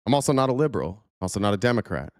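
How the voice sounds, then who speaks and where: A man's voice: on the low side, sing-song, very fast, darkish tone, no echo, studio quality. A man hosting a political talk show, giving angry, profane, blunt commentary. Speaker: show host.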